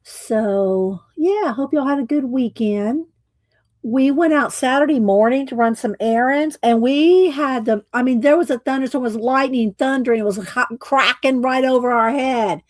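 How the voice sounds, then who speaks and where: A woman, hosting a casual livestream, chatting slowly with viewers and laughing often, her voice a little croaky. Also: sits high, darkish tone, no echo. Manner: slow, chatty, laughs often, Southern "y'all". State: slightly croaky voice. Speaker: livestream host.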